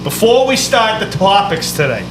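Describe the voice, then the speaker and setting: Profane storytelling man with a high voice. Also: sing-song, moderate pace, background noise. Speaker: podcast co-host. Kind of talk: casual sports chat.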